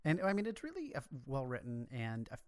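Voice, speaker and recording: A man co-hosting a casual film discussion, making quick remarks. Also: mid-range voice, huge pitch swings, darkish tone, clear, resonant tone, dry recording, studio quality. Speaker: podcast co-host.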